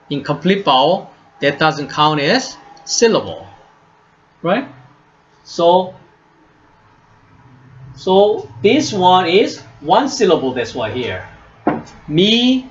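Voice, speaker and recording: Slow, lively-pitched teacher. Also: male voice, highs cut off, slight background noise. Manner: slow, repeats words and asks "right?" often. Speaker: Hebrew teacher. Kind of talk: classroom lesson.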